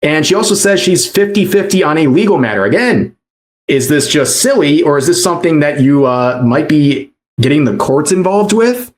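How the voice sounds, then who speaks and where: A man narrating online drama commentary in a measured, explanatory way, often repeating his key points. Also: a little high, sing-song.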